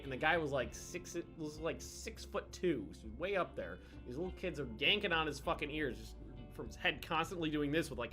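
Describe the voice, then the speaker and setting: A man chats casually over gameplay and spins long, profane anecdotes. His voice sits slightly high and has a sharp, bright edge. Soft game music plays in the background. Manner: profane, animated, rambling anecdotes with restarts. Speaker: gaming channel host.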